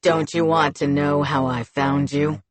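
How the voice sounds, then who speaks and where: A woman's voice: low-pitched, steady tone, measured pace, dry recording, voice pushed down. A woman putting on a cutting, menacing male commander. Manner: cutting, taunting.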